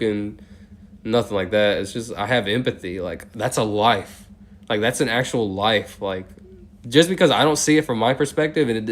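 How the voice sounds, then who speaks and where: Low-voiced man counting fast and steady. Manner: steady counting that breaks into rambling chat full of "like". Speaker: livestreamer. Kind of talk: long livestream, counting out loud.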